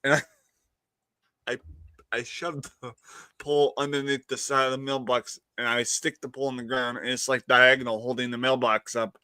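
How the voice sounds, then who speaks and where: A man's voice: medium pitch, flat delivery, normal speed, pushed and bright, clear, resonant tone, no echo. A man hosting a live-streamed chat show, telling a long rambling story, laughing often and acting out what other people said. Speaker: podcast host.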